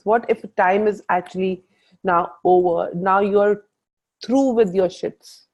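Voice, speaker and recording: A woman coaches a group over a video call, her voice carrying a gravelly edge. She tells her stories with animation and quotes her own inner talk. The sound is muffled, as video-call audio often is. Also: medium pitch, fairly even intonation, measured pace.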